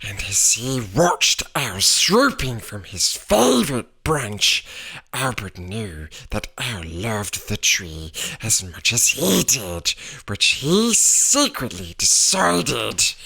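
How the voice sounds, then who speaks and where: A performer voicing a male Gollum-like creature who reads a children's storybook aloud in a raspy, gravelly voice with wheedling creepy asides. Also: medium pitch, sing-song, takes it slowly, bright, forceful tone, pitched below the performer's own voice, exaggerated voice. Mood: sly. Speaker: storybook reader. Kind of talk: read-along storybook narration.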